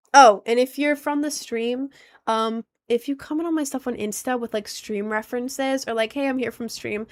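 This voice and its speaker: A woman streamer talks casually to her live-stream chat, rambling, restarting sentences and leaning on fillers. Her voice sits on the high side. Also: creaky.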